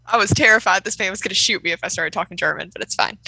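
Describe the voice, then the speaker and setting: A woman's voice: mid-range voice, very fast, vocal fry, pushed and bright, husky, no room sound, rough recording. A woman playing a tabletop game, hesitant and laughing, full of fillers. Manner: hesitant, giggly, many fillers. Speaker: player. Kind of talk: tabletop role-play.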